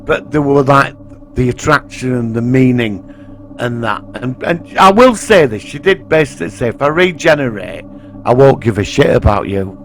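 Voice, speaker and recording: A man, co-hosting a casual podcast chat, blunt and opinionated and quick to swear. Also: mid-range voice, animated, a bit bright, a little hiss or hum. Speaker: podcast co-host.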